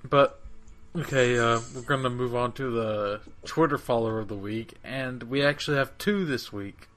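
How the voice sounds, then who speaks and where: Man, podcast host, bright forceful voice, loose casual talk, swears. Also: medium pitch, normal speed, soft background music. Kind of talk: casual chat.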